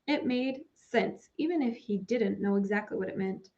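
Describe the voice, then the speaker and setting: A woman narrating a children's novel in a measured storytelling manner. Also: mid-range voice, darkish tone. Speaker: audiobook narrator. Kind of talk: scripted narration. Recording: dull lo-fi recording.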